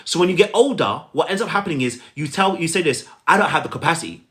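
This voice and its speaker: Man, coaching talk to camera; slightly high, animated, repeats himself for emphasis. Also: fast. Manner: animated, repetitive, talks straight to the viewer. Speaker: relationship coach.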